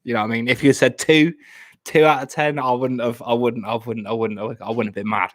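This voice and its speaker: A man's voice: medium pitch, steady tone, brisk. A young man from Plymouth, chatting casually on a live stream at home, often stammering and repeating words. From Plymouth, England.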